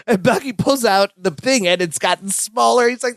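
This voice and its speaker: A man's voice: very high-pitched, normal speed, dry recording, clean studio sound. A man co-hosting a podcast, casually recapping a sitcom episode with frequent laughs and acted-out lines. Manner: animated, laughs often, acts out characters' lines. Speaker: podcast co-host.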